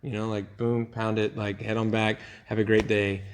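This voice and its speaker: A man's voice: lowish voice, moderate pace, a little hiss or hum. A young man, a youth pastor, teaching a Bible lesson and acting out the people in the story. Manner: animated storytelling, acting out voices of crowd and Jesus.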